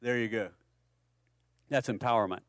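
A man's voice: medium pitch, normal speed, no echo, studio quality. A man preaching a sermon in a conversational way, asking the congregation questions and often repeating words as he restarts. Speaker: pastor.

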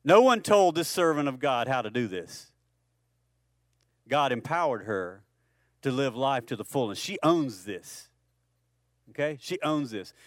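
A man's voice: medium pitch, expressive, measured pace, pauses often, no room sound, studio quality. A man preaching a sermon in a conversational way, asking the congregation questions and often repeating words as he restarts. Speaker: pastor.

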